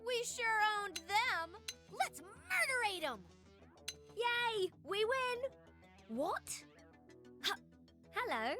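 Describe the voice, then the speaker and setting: A woman voicing an upbeat young woman soldier from a video game, cocky in battle, with a high, bright and bouncy voice. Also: big pitch swings, very slow, long pauses, heavily acted. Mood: perky. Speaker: selectable player character voice. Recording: game audio with music underneath.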